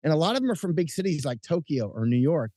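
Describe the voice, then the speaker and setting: A middle-aged man chatting outdoors at night as an interview guest, telling animated stories with frequent restarts and chuckles. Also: on the high side, fast talker. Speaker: interview guest, combat correspondent. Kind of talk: casual interview chat. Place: outdoors at night under lights.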